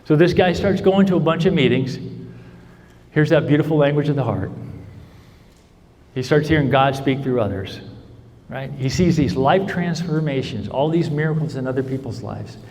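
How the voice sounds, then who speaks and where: A man's voice: mid-range voice, moderate pace, pauses often, darkish tone. Earnest man speaking in an echoing hall. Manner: earnest storytelling, asks "right?" often. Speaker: recovery speaker. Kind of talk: personal testimony talk. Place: large convention hall. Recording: convention hall with long reverb.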